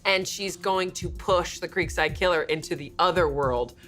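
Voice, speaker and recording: A woman, a comedy show regular, chatting playfully, excitable and quick to gasp and laugh. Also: fairly low pitch, soft background music. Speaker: comedy show cast member.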